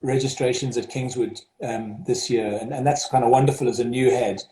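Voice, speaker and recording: A mellow-voiced man with a South African accent speaks as a headmaster in an interview. He hesitates often, with fillers and restarts, and his voice sounds echoey in a roomy space. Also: mid-range voice, fairly even intonation, brisk. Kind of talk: interview over video call. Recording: roomy echo.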